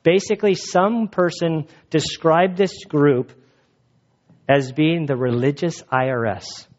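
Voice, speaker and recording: A man's voice: fairly high pitch, takes it slowly. A male pastor preaching a sermon in a casual, joking, conversational way. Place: church. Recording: dull lo-fi sound.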